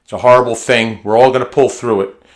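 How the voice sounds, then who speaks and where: A man's voice: medium pitch, steady tone, fast. A man talking through a home recipe in a chatty, folksy way, often repeating words and restarting phrases. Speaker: home cooking vlogger. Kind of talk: casual cooking demonstration. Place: home kitchen.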